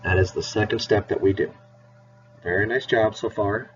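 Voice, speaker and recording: A man's voice: fairly low pitch, fairly even intonation, moderate pace, recorded from a distance, faint music behind. A male teacher giving a playful, encouraging math lesson to children. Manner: encouraging, playful, spells words out. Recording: dull lo-fi recording with faint hiss.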